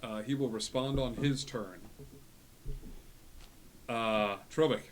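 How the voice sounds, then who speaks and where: Male GM, mid pitch, easygoing, hesitant narration. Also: slow, noisy background. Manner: relaxed, frequent filler words. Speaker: game master. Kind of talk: narrating a tabletop game.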